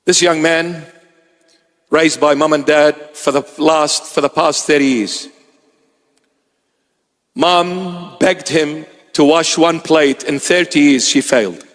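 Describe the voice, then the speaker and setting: Preaching as a bishop, this man has a voice on the high side with fairly even intonation and a slightly bright tone. He goes slowly, pausing often, as he tells stories and acts out quoted voices. The recording carries a long hall reverb.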